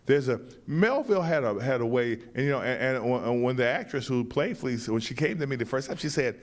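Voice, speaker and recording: The playwright and director of the play answers interview questions with a medium-pitched, sing-song voice. He's thoughtful but halting, often restarting his sentences.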